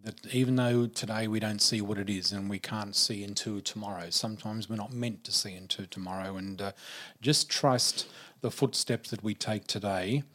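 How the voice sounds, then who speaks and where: A man's voice: on the low side, fairly even intonation, normal speed, a bit bright. A man who is an interview guest, telling a personal story in an earnest, emphatic way and repeating words for effect.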